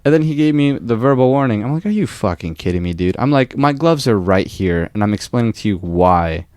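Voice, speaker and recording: A young man with a slightly fast, low-side voice co-hosts a podcast in studio-quality audio without room sound. Chatting casually, he narrates a work story with free swearing and lively, performed quotes.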